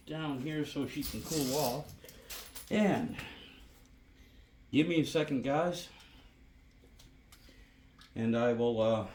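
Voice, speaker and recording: The man fronting this casual cooking vlog for his DIY channel has a medium-pitched voice, takes things slowly and pauses often. Filming on his phone in a home kitchen by the woodstove, he chats, murmurs and apologizes while tasting, with slight background noise.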